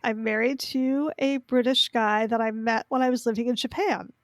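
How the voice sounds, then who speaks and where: A woman's voice: on the high side, steady tone, normal speed, dry recording. A middle-aged woman, a podcast guest, chatting casually and explaining things in long run-on sentences. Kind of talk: casual interview chat.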